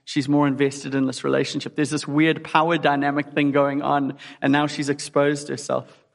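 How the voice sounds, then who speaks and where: A man's voice: a little high, monotone, normal speed, vocal fry. A man preaching a sermon in an earnest way, putting direct questions to his listeners. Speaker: pastor. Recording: long hall reverb.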